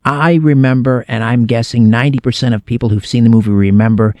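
A man's voice: medium pitch, fairly even intonation, fast talker, darkish tone, dry recording, studio quality. A middle-aged man guest-hosting a late-night radio talk show, chatty and telling anecdotes. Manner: conversational, tells anecdotes with restarts. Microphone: studio microphone.

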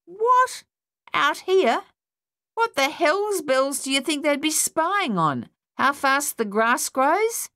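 A woman's voice: mid-range voice, very animated, moderate pace, no echo, clean studio sound, pitched above the performer's own voice, close to an everyday voice. A woman reading an earnest, sceptical young country man in an audiobook.

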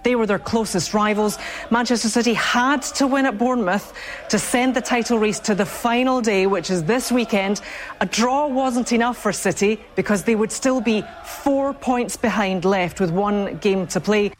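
A woman's voice: mid-range voice, moderate pace. Woman sports reporter, faint background hum. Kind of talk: news report.

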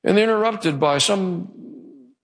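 A male pastor preaching a sermon in a church, telling the story with animated delivery. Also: high voice, slow pace. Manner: animated storytelling, acting out quoted voices. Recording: long hall reverb.

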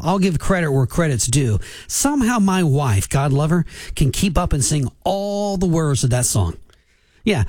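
A man's voice: on the high side, a little mellow. A man hosting a radio show, chatty and upbeat, slightly out of breath. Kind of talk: casual radio chat.

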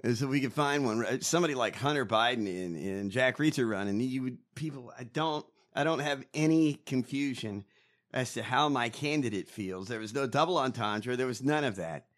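A man's voice: mid-range voice, moderate pace. A man co-hosting a podcast, ranting and mocking in casual, profane talk. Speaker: podcast co-host. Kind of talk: casual chat.

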